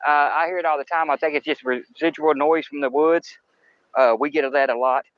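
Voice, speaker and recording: A man's voice, on the high side and steady in tone, runs a little fast as he hosts a nighttime fishing livestream from a wooded riverbank. He rambles in a casual, folksy way to viewers, and the camera-mounted mic near the water yields dull audio.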